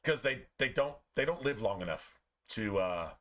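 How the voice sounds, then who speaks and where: Man, casual game stream chat, lively swooping pitch, bright forceful tone, profane. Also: moderate pace. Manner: animated, profane storytelling with playful put-on pet voices.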